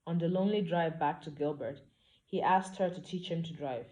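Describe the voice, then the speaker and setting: A woman author reading aloud from her own novel, calm and unhurried. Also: low voice.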